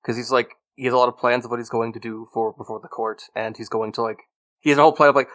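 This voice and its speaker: Quick-talking player, rambling plans. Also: male voice, medium pitch, level tone, fairly bright tone. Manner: rambling, explains plans in loose run-on sentences. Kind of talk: casual chat at a tabletop game.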